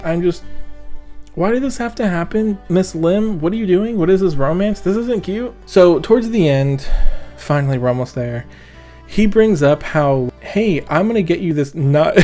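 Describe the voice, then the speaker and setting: A man's voice: a little high, animated, normal speed. A young man giving a casual rant review of a book, sarcastic and exasperated, swearing and laughing at his own jokes, tired late at night. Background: soft background guitar music.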